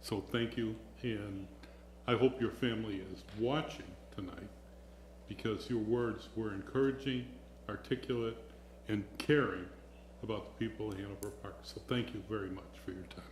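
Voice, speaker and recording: A man's voice: fairly low pitch, steady tone, normal speed, a little mellow. A man chairing a village board meeting, speaking formally and graciously. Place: council chamber. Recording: roomy chamber audio, faint hum.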